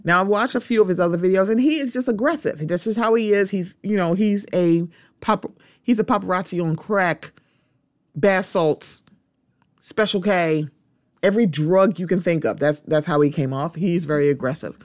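A woman hosting her own podcast, giving her opinions in a casual, animated monologue and talking straight to her listeners. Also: lowish voice, normal speed, no room sound, clean studio sound. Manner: animated, repeats "the thing about it is", talks straight to listeners. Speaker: podcast host.

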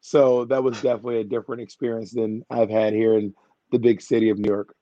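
A man's voice: on the low side, flat delivery, fast, dark tone, no echo, highs cut off. A man who is a drag performer, chatting playfully as a guest in an interview, joking about himself. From United States. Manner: playful, self-mocking, talkative. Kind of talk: casual interview chat.

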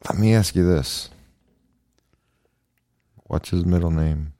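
A man's voice: low-pitched, slow pace, warm tone, dry recording, studio quality. A man co-hosting a podcast, tossing in profane wisecracks during casual chat. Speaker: podcast co-host.

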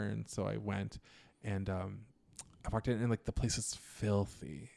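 Animated man telling a wild story. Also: lowish voice, unhurried, gravelly. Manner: animated, acts out quotes, many filler "like"s. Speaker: podcast co-host telling a story. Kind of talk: casual storytelling chat.

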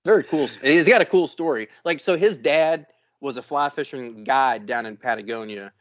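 A man's voice: medium pitch, normal speed, a bit bright, dry recording, highs cut off. A man co-hosting a podcast in casual chat, blunt and full of profanity. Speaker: podcast co-host.

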